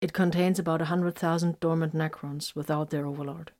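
A woman voicing a tightly strung male space marine librarian, speaking quietly and clipped, in a fan story reading. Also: low voice, fairly even intonation, brisk, natural voice. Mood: hushed. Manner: quiet, clipped, then bursts into roaring.

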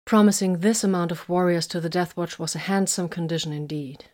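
Lady reading a sci-fi audiobook, low voice, steady and even. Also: brisk. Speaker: narrator. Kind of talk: scripted audiobook narration.

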